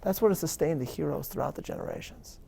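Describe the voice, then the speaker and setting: A man, a rabbi answering questions at a live interview, speaking in an earnest, measured lecture style with emphatic stresses and frequent restarts. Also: fairly high pitch, huge pitch swings, creaky, warm tone, slight background noise.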